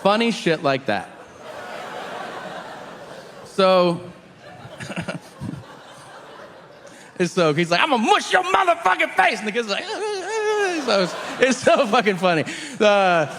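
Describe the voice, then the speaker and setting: A man in his forties doing a stand-up routine, telling stories with shouted character voices. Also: fairly high pitch, slight background noise. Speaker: stand-up comedian. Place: theater stage with audience laughter. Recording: live hall with long reverb.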